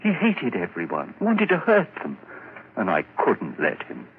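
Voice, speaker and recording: A stammering guilt-crazed killer. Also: male voice, on the low side, wildly swooping pitch, unhurried, exaggerated voice. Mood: earnest. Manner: stammering, panicky, rising to shouts. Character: frantic male murderer tormented by guilt. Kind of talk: 1940s radio acting. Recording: dull old radio recording, faint hiss.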